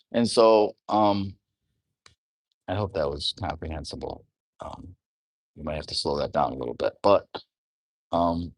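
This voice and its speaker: A man's voice: lowish voice, darkish tone, dry recording. Man talking astrology, loose and rambling. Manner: rambling, conversational, often asks "you know what I'm saying". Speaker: astrology teacher. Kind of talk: casual explanatory monologue.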